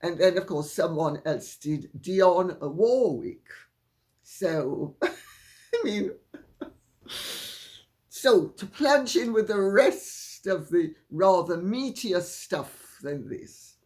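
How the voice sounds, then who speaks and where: Woman, upper Saint Andrew Jamaican accent, slow unhurried delivery, measured and deliberate, chatty host. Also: on the low side, expressive, darkish tone. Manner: deliberate, measured, drawn-out phrasing with frequent laughs. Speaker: channel host answering viewer questions. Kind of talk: casual solo talk to camera.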